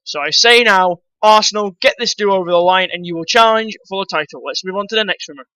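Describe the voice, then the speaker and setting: High, bright-voiced ranting football vlogger man. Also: fast talker, dry recording, low-quality recording. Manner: blunt, ranting, swears freely; addresses viewers as guys. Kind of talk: opinionated transfer-news rant.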